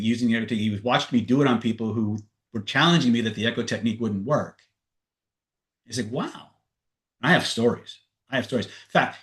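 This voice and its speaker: A man leading a live webinar, telling a story and acting out the dialogue, often checking in with "right?". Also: mid-range voice. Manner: storytelling, acts out dialogue, frequent "right?" tags. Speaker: seminar trainer. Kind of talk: live webinar teaching with anecdotes. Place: online webinar.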